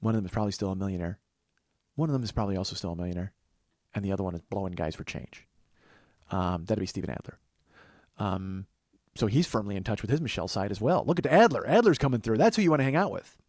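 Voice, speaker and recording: A man hosting a podcast, riffing in casual comedic banter, profane and building to loud enthusiasm. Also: fairly low pitch, animated, fast talker, no echo. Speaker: podcast host.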